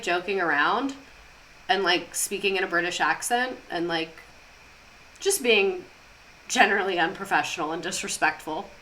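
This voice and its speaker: A woman's voice: mid-range voice, bright, forceful tone. A young woman streaming, chatting casually and swearing freely as she drifts off on tangents. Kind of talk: casual chat, live stream.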